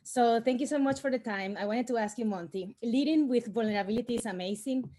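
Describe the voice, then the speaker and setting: A woman's voice: fairly high pitch, fast, warm tone. Effusive woman asking a question. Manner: grateful, effusive. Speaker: audience member asking a question. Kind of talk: live call-in question.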